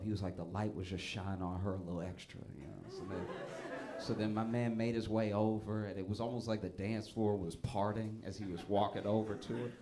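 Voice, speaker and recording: On a comedy club stage, a man delivers storytelling stand-up. His voice gets loud and high on the punchlines, drawing laughs from the crowd.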